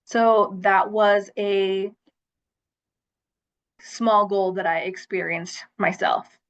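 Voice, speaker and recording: A woman's voice: medium pitch, fairly even intonation, drawn-out words, muffled recording. A woman hosting a self-love livestream, chatting casually with lots of fillers and restarts. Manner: chatty, rambling, with many fillers.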